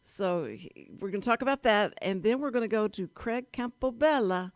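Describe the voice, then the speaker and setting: A woman hosting a live community radio talk show, bubbly and gushing with quick asides. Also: medium pitch, animated, no echo.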